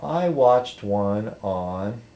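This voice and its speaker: A man's voice: on the low side, expressive, very slow, mellow. A man rambling casually on a webcam vlog, chatty and full of ums and restarts. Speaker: video blogger.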